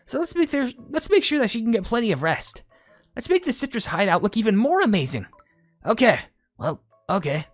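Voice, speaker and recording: A woman's voice: a little high, sing-song, a little fast, dry recording, faint music behind. Bubbly cookie girls. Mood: gentle. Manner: perky, bouncy. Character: bubbly young female cookie characters. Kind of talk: game cutscene voice acting.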